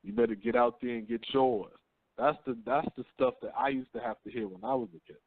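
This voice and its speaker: A man's voice: medium pitch, big pitch swings, fairly quick, creaky, no room sound. Man talking slangy over a tinny line. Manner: blunt, slangy storytelling, often asks "you see what I'm saying?". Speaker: radio show host. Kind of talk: call-in internet radio talk.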